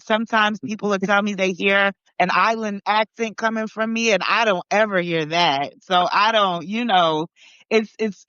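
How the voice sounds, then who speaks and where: A woman's voice: medium pitch, fairly bright tone, clean tone, dry recording. A woman from Barbados and New York talking casually, rambling with many fillers and restarts. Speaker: podcast participant. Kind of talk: casual conversation. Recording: dull lo-fi.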